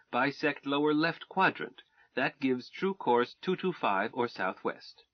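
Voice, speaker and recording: A man's voice: mid-range voice, no echo, natural voice. A man reading a math-minded young wife in an audiobook, earnest and precise as she recites calculations, on a dull, dry recording.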